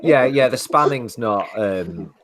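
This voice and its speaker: A man's voice: mid-range voice, lively intonation, takes it slowly. A man on a livestream chat, wry and joking.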